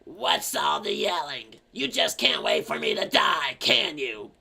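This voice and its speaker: A man voicing a cranky, half-deaf very old woman who speaks slowly and shouts. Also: mid-range voice, huge pitch swings, vocal fry, breathy edge, voice pushed down, heavily acted. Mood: cranky shouting. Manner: slow, shouting, hard of hearing.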